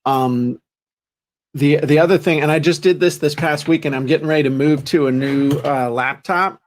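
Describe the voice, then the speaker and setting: A man's voice: on the high side, moderate pace. A man co-hosting a podcast, talking in a chatty, joking, self-deprecating way. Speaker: podcast co-host. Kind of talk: casual chat.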